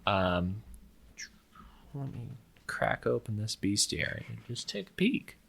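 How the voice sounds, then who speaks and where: A man narrating as game master of a tabletop game, halting often with fillers. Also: fairly low pitch, sing-song, vocal fry, a bit bright, slightly rough. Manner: hesitant, many fillers.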